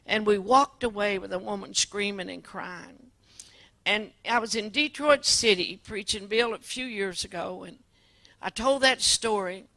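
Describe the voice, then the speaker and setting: A woman's voice: mid-range voice, measured pace, creaky, bright, forceful tone, dry recording. A woman preacher telling an earnest testimony in a sermon, often restarting her words as she goes. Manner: earnest storytelling with frequent restarts.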